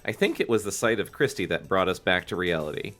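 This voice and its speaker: A man co-hosting a comedy podcast, reading a children's book aloud with jokey asides and squeaky put-on voices. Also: expressive, quick pace, fairly bright tone, soft background music.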